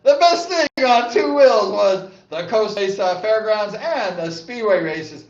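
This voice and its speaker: Older man with a high voice, casual rambling storyteller, laughs easily. Echoey room, dull recording. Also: a little slow, far from the mic. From Southern California. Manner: rambling, says "like" a lot, laughs often, excitable yells. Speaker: vlogger, former speedway rider. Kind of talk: casual reminiscing monologue.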